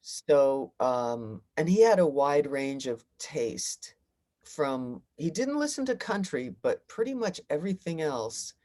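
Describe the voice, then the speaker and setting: A woman's voice: deep voice, big pitch swings, slow pace, dark tone. A middle-aged woman, a singer-songwriter, talking reflectively in a casual interview.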